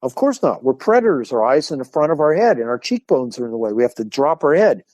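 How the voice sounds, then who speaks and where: An older man speaks as an interview guest, explaining his training ideas in a casual, animated way. His voice is mellow and warm, and he slips into the voices of the people in his stories. The recording is dry and close to the mic. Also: mid-range voice, fast, no echo. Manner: animated storyteller, acts out quoted voices. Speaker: martial arts instructor, podcast guest.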